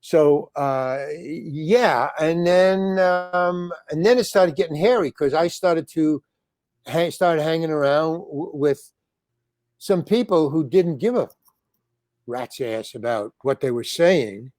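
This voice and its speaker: A man's voice: a little high, slow pace, a little mellow, no echo, clean studio sound. An older man, a comedian and actor, telling rambling stories with many restarts and acting out the lines he quotes. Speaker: comedian and actor, interview guest. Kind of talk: rambling storytelling in conversation.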